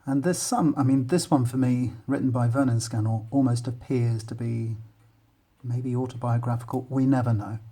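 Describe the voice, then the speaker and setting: A man with an English accent, talking students through a poem and thinking aloud in an unhurried, explanatory way. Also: mid-range voice, steady tone, mellow. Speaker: English teacher.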